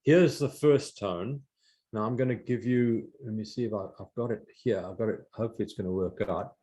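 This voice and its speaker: An older man giving an informal art history slide lecture, halting with many fillers and restarts. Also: lowish voice, dark tone.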